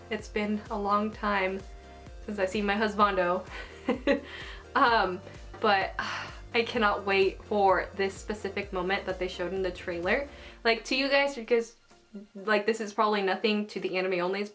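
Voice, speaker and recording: A woman's voice: mid-range voice, fairly bright tone. Giddy, rambling young woman fan vlogger. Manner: gushing, giddy, rambling with many fillers. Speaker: anime vlogger. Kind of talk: casual fan commentary vlog.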